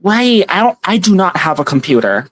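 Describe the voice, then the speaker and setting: A woman's voice: on the low side, big pitch swings, moderate pace, no room sound. A woman hosting a casual tarot livestream on her phone, chatty and giggly, thanking viewers by name as she reads their comments. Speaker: tarot reader and livestream host.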